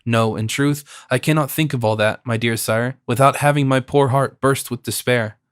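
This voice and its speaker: A man's voice: mid-range voice, fairly even intonation, normal speed, clear, resonant tone, no room sound, clean studio sound, close to an everyday voice. A man voicing a grieving young noblewoman. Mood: pleading. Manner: pleading, emotional reading. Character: young woman, grieving, passionate lover.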